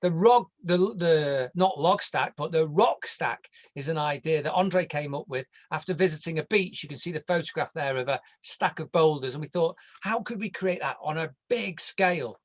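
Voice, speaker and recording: A man's voice: on the high side, normal speed, hardly any pauses. A man with an English accent presenting a landscape design online in a chatty, jokey way, sometimes tripping over his words.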